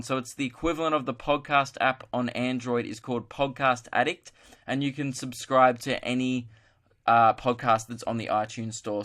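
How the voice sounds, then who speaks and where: A man's voice: mid-range voice, a bit bright. A young man hosting a solo podcast, chatting casually in a rambling, joking, self-mocking way. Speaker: podcast host.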